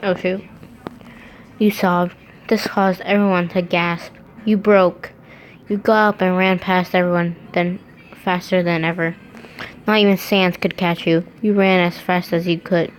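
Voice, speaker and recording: A woman's voice: on the low side, level tone, measured pace, a little hiss or hum, rough recording. A woman reading fan fiction aloud, breaking off to laugh and comment on it.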